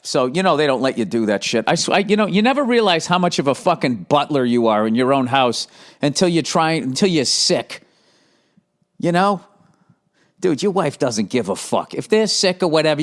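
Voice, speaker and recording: A man in his fifties with a Boston accent, hosting a podcast with a profane, exasperated comedic rant and quick impressions of others. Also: fairly high pitch. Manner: profane, exasperated, mimics others mid-story. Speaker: podcast host. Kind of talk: comedic ranting monologue.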